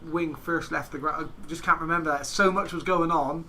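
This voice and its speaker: A man's voice: on the high side, steady tone, brisk, sharp tone, slight background noise. A man from England hosting a podcast, telling stories in casual chat and acting out what friends said. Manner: chatty storyteller, acts out quoted friends. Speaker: podcast host.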